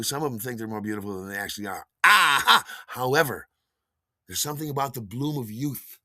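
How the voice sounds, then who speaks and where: A man's voice: mid-range voice, dry recording, studio quality. A man telling a personal story in an enthusiastic, theatrical way as a podcast host, scatting rhythms along the way.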